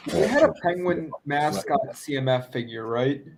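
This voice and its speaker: A man's voice: a little high, moderate pace, a crowd in the background. A man hosting a casual livestream chat, friendly and easygoing.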